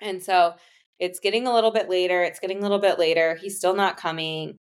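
A woman's voice: on the low side, steady tone, fairly quick, clean tone. Young woman telling her own story. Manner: conversational, many fillers, acts out dialogue. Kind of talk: personal storytelling.

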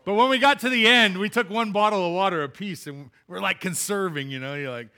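A man's voice: fairly high pitch, brisk, hardly any pauses, pushed and bright. A man preaching as a pastor, telling a funny personal story in a chatty way and laughing at himself before turning to scripture.

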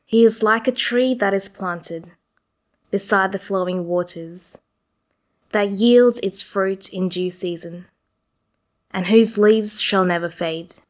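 Woman lector reading psalm verses really slow and steady at mass. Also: mid-range voice. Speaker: lector and cantor. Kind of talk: reading and leading the responsorial psalm.

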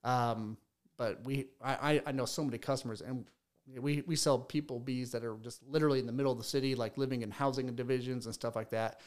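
Steady in tone and a little fast, this mid-range male voice belongs to a beekeeper who owns a bee business. In a relaxed podcast interview he tells stories, often restarting and repeating words.

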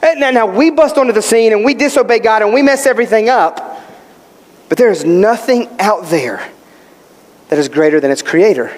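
A man's voice: high voice, lively intonation, moderate pace. A male pastor preaching a sermon, emphatic, posing questions and answering them himself. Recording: long hall reverb.

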